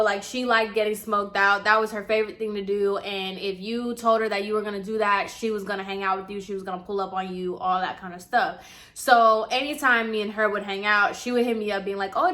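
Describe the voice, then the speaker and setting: Young woman vlogger, bright tone, chatty storytime delivery, full of fillers. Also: mid-range voice, steady tone, brisk. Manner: chatty, filler-heavy retelling. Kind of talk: casual storytime.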